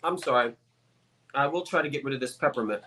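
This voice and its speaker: A man's voice: medium pitch, racing, sharp tone, a little hiss or hum. A man selling items on a live sale stream, with chatty, joking sales patter. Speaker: guest seller on a live sale.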